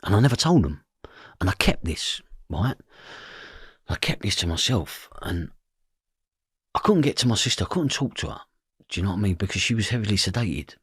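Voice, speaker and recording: Husky low-voiced London man. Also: very animated, brisk, pauses often, dry recording, studio quality. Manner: blunt, swears, acts out dialogue. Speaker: interview guest. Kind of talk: emotional storytelling in an interview.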